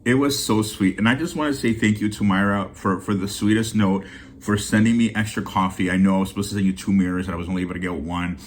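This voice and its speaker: Male vlog host with a deep voice, teary-eyed, rambling and heartfelt, casual chat straight to viewers. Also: steady tone, fast, a little hiss or hum. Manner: heartfelt and rambling, with many restarts. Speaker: deal-hunting channel host.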